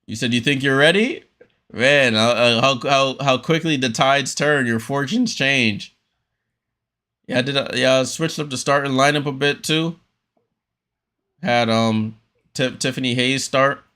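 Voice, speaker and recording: A man hosting a live watchalong stream, calling the game play-by-play in a relaxed, chatty way with frequent ums and restarts. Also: mid-range voice, unhurried. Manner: relaxed, chatty, many ums and restarts, reads chat aloud.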